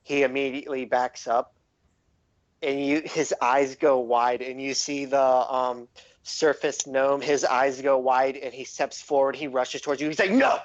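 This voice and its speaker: A man narrating a tabletop game as game master, casual and halting with many fillers. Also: mid-range voice, little pitch movement, no room sound, dull audio. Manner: casual, lots of likes and ums, restarts.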